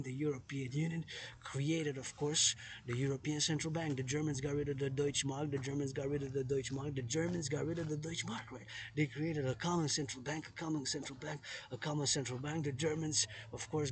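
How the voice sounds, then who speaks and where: A man vlogging outdoors in a public place, talking emphatically and repeating phrases again and again. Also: fairly high pitch. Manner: repetitive, emphatic, loops phrases over and over. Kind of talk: outdoor monologue vlog.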